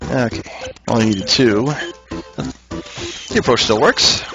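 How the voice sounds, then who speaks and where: A man talks his way through a puzzle game in an easygoing voice of middling pitch, thinking aloud and chuckling now and then. Game music plays clearly behind him. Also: sing-song, slow pace, rough recording. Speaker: let's play commentator. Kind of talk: casual gameplay commentary.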